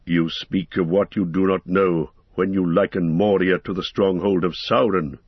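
A man giving voice to a grave old wizard, stern and commanding. The voice sits low and husky, and the words come measured and weighty, on a dull lo-fi recording. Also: steady tone, no room sound. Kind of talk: audiobook character reading.

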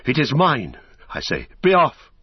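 A man's voice: lowish voice, measured pace, no echo, muffled recording. A man voicing a weary, burdened male hobbit who speaks in anguished, pleading tones. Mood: frantic. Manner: anguished, pleading, breaking into cries.

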